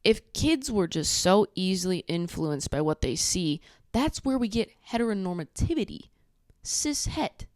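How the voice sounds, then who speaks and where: Woman host, sassy and blunt, lowish voice, dry recording; casual recap. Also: moderate pace, dry recording. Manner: sassy, blunt, profane, animated storytelling.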